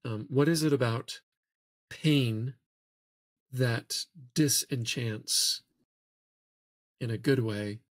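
A man co-hosting a podcast, thoughtfully reading passages aloud from a book and pausing to comment on them. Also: mid-range voice, dry recording. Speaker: podcast co-host.

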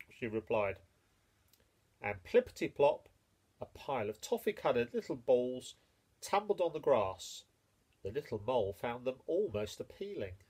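A man reading a children's picture book aloud, expressive and playful with the sound words. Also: mid-range voice, unhurried, breathy edge. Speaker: storyteller.

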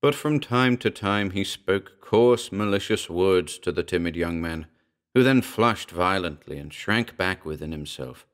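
A man giving a measured, grave, scripted narration of a horror story. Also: low voice, lively intonation. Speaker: audiobook narrator.

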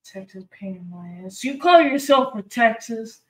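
A woman's voice: on the high side, lively intonation, moderate pace, low-quality recording. A woman hosting a cooking livestream, chatting casually, brash and teasing with a lot of swearing.

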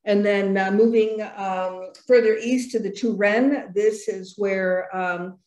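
A woman's voice: medium pitch, steady tone, slow, a little mellow. Woman wine expert on a webinar; eager, chatty delivery, room echo. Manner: enthusiastic, talky, with many fillers like "you know". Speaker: master sommelier, webinar co-presenter. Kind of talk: casual seminar presenting over video call.

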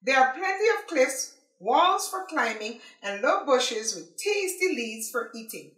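Lady reading a kids' story out loud, bright and lively, kinda echoey room. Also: high voice, measured pace. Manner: expressive, animated reading. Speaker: library storyteller. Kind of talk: children's story read-aloud.

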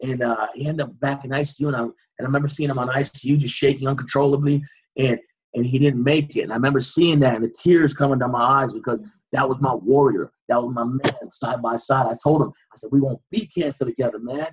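A man, a guest on an interview show, recounting a dramatic personal story with vivid, animated reenactments. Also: mid-range voice, fast, slightly rough, muffled recording.

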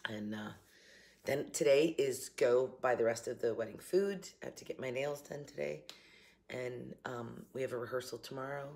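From her home kitchen, a middle-aged vlogger with a Southern drawl chats to camera, upbeat and laughing, with a light morning cough. She has a darkish bass voice with vocal fry, moving at a moderate pace.

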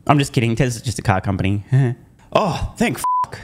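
A man's voice: mid-range voice, brisk, a little mellow, slight background noise. A man hosting an investing commentary video, sarcastic and emphatic, swearing at forecasters as he reads through a report. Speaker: host.

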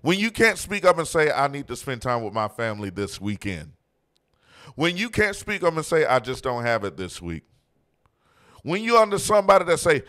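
Impassioned preaching man, smooth voice. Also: fairly high pitch, very animated, moderate pace, a bit bright. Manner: impassioned, mocking, frequent quoting. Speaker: pastor. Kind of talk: preaching sermon.

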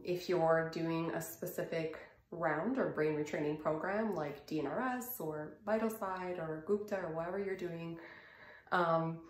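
A woman's voice: sits low, reverberant. A woman vlogger giving wellness tips in a chatty, self-deprecating way. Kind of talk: casual vlog.

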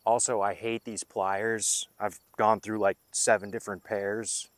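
A man's voice: lowish voice, level tone, measured pace, hardly any pauses. A young man hosting a fishing vlog, joking and rambling to his viewers while he fishes by a river at night. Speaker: fishing vlogger. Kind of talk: casual vlog narration.

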